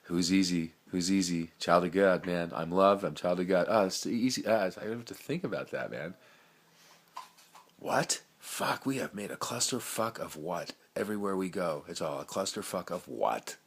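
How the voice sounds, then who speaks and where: A man's voice: low voice, lively intonation, normal speed. A middle-aged man with a brain tumor, rambling through his thoughts in a free-associating personal monologue, full of laid-back slang. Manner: rambling, free-associating, swings between loud and soft.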